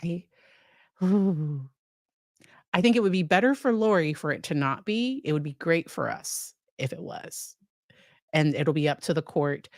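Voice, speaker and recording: A woman's voice: low-pitched, expressive, measured pace, a little mellow, no echo, clean studio sound. A woman psychologist giving casual live-stream commentary, talking to her chat with frequent restarts and fillers. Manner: conversational, many restarts and fillers; talks to chat viewers by name. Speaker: psychologist commenting on a court case.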